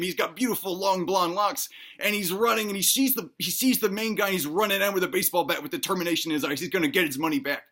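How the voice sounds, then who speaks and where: A man's voice: high-pitched, fast, slightly rough. Man rambling through a crude comic tale. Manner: rambling, crude and deadpan, with many restarts. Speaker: comedic storyteller. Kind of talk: improvised comedic storytelling.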